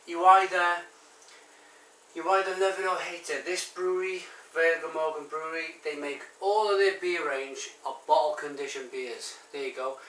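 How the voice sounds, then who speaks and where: A man's voice: on the high side, bright, forceful tone, far from the mic. A man with a Barry Welsh accent, reviewing a bottled beer in a chatty, rambling way full of ums and restarts. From Wales. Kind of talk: casual review to camera. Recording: echoey room, voice off-mic.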